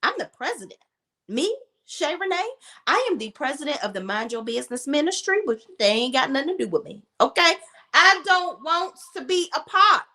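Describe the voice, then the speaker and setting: Brief: emphatic, profane woman commentator, high, animated voice. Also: moderate pace. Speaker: reality TV commentator. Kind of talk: casual commentary.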